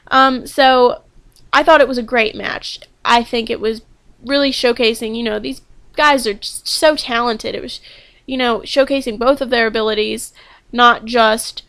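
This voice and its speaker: Young woman vlogging, kinda high voice, super gushy and excited, lots of ums, dry close sound. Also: unhurried, no room sound. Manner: bubbly and gushing, many ums. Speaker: wrestling fan vlogger. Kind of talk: casual chat to camera.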